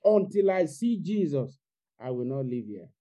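A man's voice: medium pitch, sing-song, slow pace, mellow. A man voicing a grieving, insistent woman. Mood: pleading. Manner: pleading, insistent. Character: grieving determined woman at a tomb.

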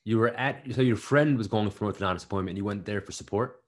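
A young man co-hosting a podcast, joking around in casual chat and riffing bits with quick restarts. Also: on the low side. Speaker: podcast co-host.

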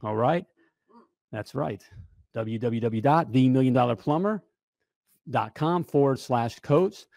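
A man coaching plumbers in a casual, joking sales pitch, often checking in with "all right?". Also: unhurried, gravelly, long pauses, darkish tone, dry recording, studio quality. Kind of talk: casual promotional pitch to camera.

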